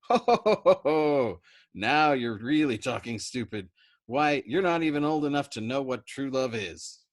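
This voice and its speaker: A man voicing a jovial, pompous male navigator who laughs in a booming, mocking way and talks down to others, in an audiobook reading. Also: moderate pace, close to an everyday voice.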